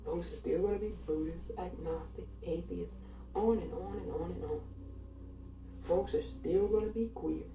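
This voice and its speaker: A woman's voice: on the low side, moderate pace, vocal fry, dark tone, reverberant, recorded from a distance, slight background noise, low-quality recording. A woman from Alabama giving an emphatic, sarcastic and defiant monologue, repeating her points for effect. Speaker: online commentator.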